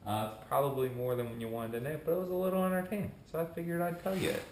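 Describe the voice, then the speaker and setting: A man's voice: a little high, fast, a little hiss or hum. Chatty young man, echoey sound. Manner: animated, rambling, acts out quoted friends. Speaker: vlogger starting a channel. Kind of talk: casual storytelling to camera. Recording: echoey room.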